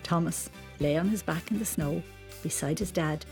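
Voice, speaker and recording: A woman narrating a children's storybook in a calm, gentle, measured way. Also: sits low, gravelly, soft background music.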